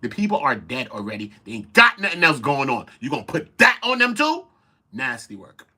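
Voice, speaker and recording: A man hosting a casual commentary show, talking in an animated, profane and incredulous way. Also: mid-range voice, brisk, husky. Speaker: commentary host.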